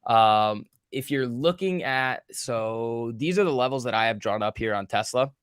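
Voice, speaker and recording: A man's voice: mid-range voice, animated, moderate pace, smooth, dry recording, clean studio sound. A man co-hosting a live trading stream, walking through chart levels step by step in a casual way. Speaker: trading educator co-host.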